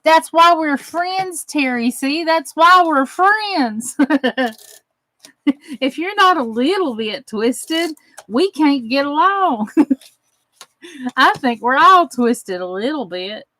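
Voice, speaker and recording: A woman's voice: high-pitched, lively intonation, slow, low-quality recording. A woman with a Southern US accent, chatting casually with viewers on her craft channel while she works, using folksy phrases. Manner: chatty, warm-hearted, drawling with folksy phrases.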